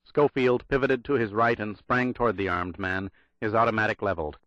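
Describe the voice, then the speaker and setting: Low-voiced man narrating a thriller. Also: steady tone, a little fast, no echo, muffled recording. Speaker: audiobook narrator.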